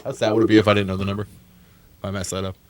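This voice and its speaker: A man hosting a late-night radio aftershow from a studio, animated and sarcastic, cursing freely and teasing callers. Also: lowish voice, fast talker, very noisy. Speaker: radio show host.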